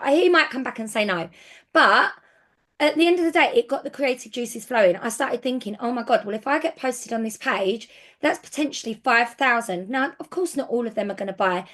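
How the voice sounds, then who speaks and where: A woman's voice: a little high, fairly quick. Chatty woman. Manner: chatty and excitable, with frequent restarts. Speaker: direct sales team leader. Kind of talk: casual business coaching talk.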